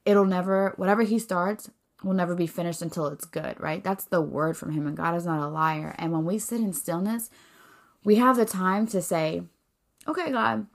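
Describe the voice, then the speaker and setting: A woman's voice: on the low side, fairly even intonation, normal speed. A woman hosting a podcast, reflecting in a casual, faith-based way with many fillers and restarts. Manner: rambling, filler-heavy, earnest. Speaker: podcast host.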